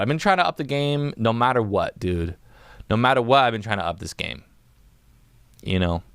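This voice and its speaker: Young man, podcast host, rambling jokey monologue, lively swooping pitch, dry close sound. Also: clear, resonant tone, no room sound. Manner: rambling, joking, says "dude" a lot. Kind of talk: casual solo podcast monologue. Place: home music studio.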